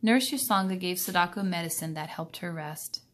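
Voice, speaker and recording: A woman reads a children's novel aloud at a calm, steady pace. Her voice sits on the lower side, and her storytelling stays even and unhurried. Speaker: reader.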